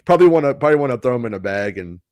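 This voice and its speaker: A man's voice: mid-range voice, animated, racing, darkish tone, no echo. A man co-hosting a podcast, talking in a rambling, jokey way and often restarting his sentences. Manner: rambling, self-interrupting, jokey. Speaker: podcast co-host. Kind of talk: casual podcast banter.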